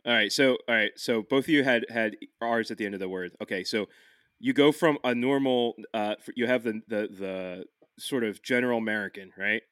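Bright-voiced chatty podcast man. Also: lowish voice, brisk, clean tone, no echo, clean studio sound. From Philadelphia area. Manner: animated storyteller, laughs often, many restarts. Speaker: podcast host. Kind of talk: casual podcast chat.

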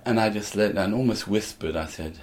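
A man's voice: fairly low pitch, a little fast, darkish tone, a little hiss or hum. An older man, a comedian, telling stories in casual conversation with a dry, anecdotal manner. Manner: anecdotal, dry, acts out quoted lines. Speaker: comedian guest.

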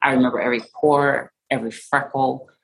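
A young woman with a strikingly deep, low voice tells a painful personal story in conversation. She speaks haltingly, full of fillers and restarts, often going soft and trailing off as she searches for words. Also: fairly even intonation, gravelly, low-quality recording. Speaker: interview guest.

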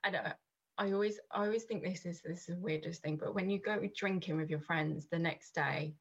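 Low, husky woman in her thirties, rambling guest chat with lots of restarts, dull lo-fi recording. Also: fairly quick. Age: 30s. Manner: rambling, many restarts and fillers. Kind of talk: casual podcast chat.

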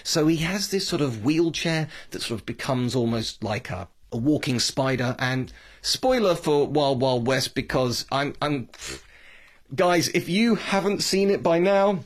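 This podcast host from Britain speaks in a fairly high, expressive voice, a little slowly. His casual monologue wanders chattily and is strongly opinionated.

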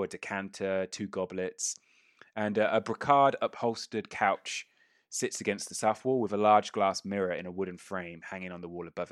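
A man's voice: on the low side, no echo, clean studio sound. A man narrating a tabletop game as game master, casual and sweary, laughing often.

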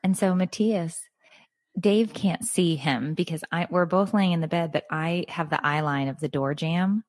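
A woman in her thirties co-hosting a casual podcast as a mom, telling animated stories about her son and acting out what she said. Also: lowish voice, normal speed, no echo, studio quality. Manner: animated storytelling, acting out her own lines. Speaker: podcast co-host. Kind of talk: casual chat.

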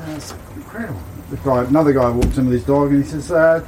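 A man telling jokes to family in a punchy, lively way. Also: medium pitch, quick pace, slight background noise, low-quality recording. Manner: punchy, lively joke delivery. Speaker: joke teller.

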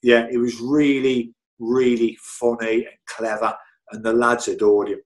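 A former footballer and physio telling stories in an animated, chatty way, repeating himself and laughing often. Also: male voice, medium pitch, unhurried. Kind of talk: casual storytelling interview.

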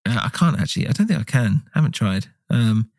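A man co-hosting a casual film podcast, rambling and swearing with lively asides. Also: mid-range voice, fast talker, dry recording. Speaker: podcast co-host.

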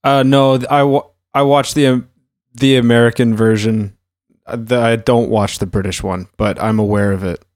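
A man's voice: medium pitch, fairly even intonation, normal speed, darkish tone, no room sound, studio quality. A man on a casual comedy podcast, blunt and mock-indignant, tossing out crude jokes.

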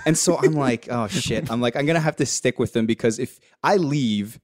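A man's voice: medium pitch, moderate pace, hardly any pauses, darkish tone, dry recording. A man co-hosting a podcast, telling a story in easygoing casual chat with dry asides. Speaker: podcast co-host.

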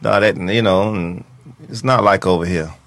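A man's voice: low-pitched, normal speed, fairly bright tone, dry recording. A middle-aged man with a Miami accent, talking as a podcast guest in a slurred, laid-back drawl full of street slang. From Miami, USA. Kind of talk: casual chat.

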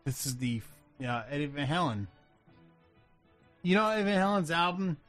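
A man hosting a casual show, introducing video clips with deadpan jokes and many fillers. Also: a little high, moderate pace, soft background music. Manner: deadpan joking, hesitant with fillers. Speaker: host.

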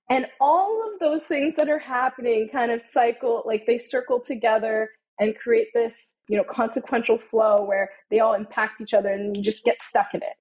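A young adult woman speaking as an interview guest, telling stories and explaining vocal habits in a relaxed, chatty way, with many "you know" and "like" fillers. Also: fairly high pitch, rough recording. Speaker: guest, tone-of-voice consultant. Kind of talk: casual conversational interview.

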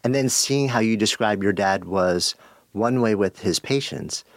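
A man's voice: lowish voice, a little slow, no room sound, studio quality. A man hosting an interview, asking curious, searching questions with hedging fillers. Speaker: interview host. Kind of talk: podcast interview.

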